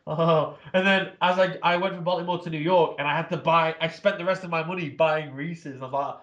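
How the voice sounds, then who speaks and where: A man's voice: a little high, fairly even intonation, brisk, fairly bright tone, highs cut off. An English man talking as an interview guest, ranting with heavy swearing. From England. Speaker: podcast guest. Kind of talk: casual interview chat. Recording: roomy echo.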